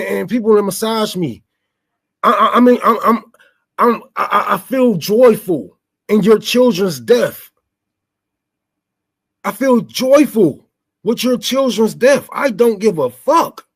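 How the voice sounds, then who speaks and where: A man putting on the voice of a smug, callous rich elite, speaking slowly and dismissively to mock him. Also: high voice, creaky. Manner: mocking, slow and dismissive.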